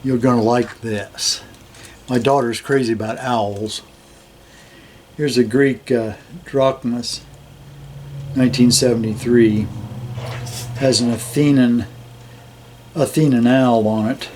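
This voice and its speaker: An older man showing his coin collection in a slow, relaxed, admiring way, with many fillers. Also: mid-range voice, slight background noise. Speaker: metal detecting hobbyist host. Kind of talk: casual show-and-tell of a coin collection.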